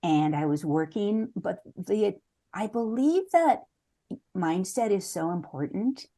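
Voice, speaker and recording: A woman's voice: medium pitch, animated, takes it slowly, mellow. A woman in her sixties, a memoir author answering interview questions in an earnest, reflective way, now and then restarting a sentence.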